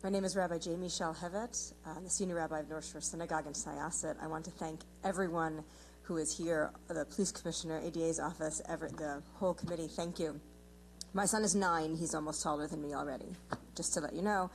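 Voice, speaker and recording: A woman's voice: low voice, fairly even intonation, brisk, slight background noise, rough recording. A woman rabbi giving a composed, lightly humorous statement at a committee hearing.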